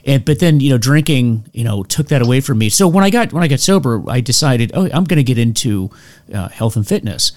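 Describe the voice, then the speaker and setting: Animated man telling stories, laughing. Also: medium pitch, a little fast. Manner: animated, self-deprecating, laughs often; frequent restarts and "you know". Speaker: podcast host. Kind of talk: casual storytelling interview.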